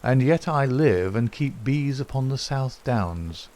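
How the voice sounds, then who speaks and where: A composed gentleman detective speaks with measured courtesy and dry irony, as a male reader brings him to life. He delivers each line slowly and evenly, never raising his voice. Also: medium pitch, expressive, pitched above the performer's own voice. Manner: measured, courteous and dryly ironic. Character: calm wry gentleman detective, male, middle-aged.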